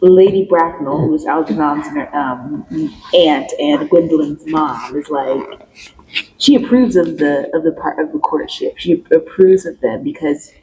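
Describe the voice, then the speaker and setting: A woman co-hosting a podcast, chatting casually as she retells a play's plot and acts out the quotes in a higher voice. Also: very animated, unhurried, gravelly, noisy background. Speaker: podcast co-host. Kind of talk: casual chat recapping a play.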